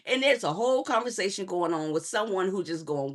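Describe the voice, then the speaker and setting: A middle-aged woman, a transformational coach, giving a lively motivational live stream, preaching and calling viewers honey and baby. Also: medium pitch, brisk. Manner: preachy, warm endearments to viewers; chatty, laughs often.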